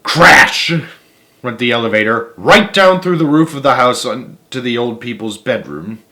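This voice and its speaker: A young adult man narrating a children's book read-aloud in a steady, expressive way. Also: mid-range voice, moderate pace. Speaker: storyteller.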